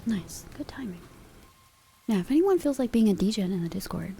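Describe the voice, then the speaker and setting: A woman streaming live ASMR, chatting casually and playfully, drifting between soft whispers and quiet talk from a home sound booth. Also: medium pitch, expressive, moderate pace, a little hiss or hum.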